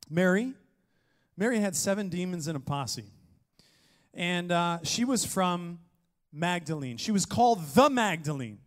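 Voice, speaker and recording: A man preaching a sermon, energetic and joking, with playful asides to his congregation. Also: high voice. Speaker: pastor.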